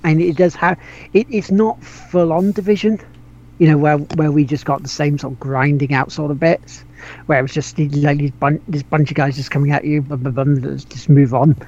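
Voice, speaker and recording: On a casual gaming podcast, the host fumbles restarts, laughs, and swears offhandedly. He talks at normal speed in a steady, darkish voice that sits a little high for a man. The audio is dull and lo-fi.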